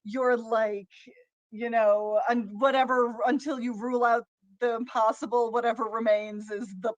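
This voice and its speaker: A woman's voice: on the high side, little pitch movement, moderate pace, no echo, lo-fi sound. A woman co-hosting a library livestream, chatting in a playful, self-deprecating way with frequent laughter. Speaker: co-host, teen librarian. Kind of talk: casual livestream chat.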